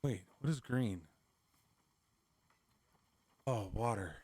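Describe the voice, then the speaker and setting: A man voicing a slow, dazed talking bush that drawls like a stoner, in a dry close recording. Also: medium pitch, darkish tone, husky. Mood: confused.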